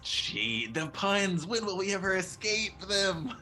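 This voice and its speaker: Bemused man with a bright lively voice. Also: high voice, takes it slowly. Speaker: player. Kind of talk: tabletop game chat.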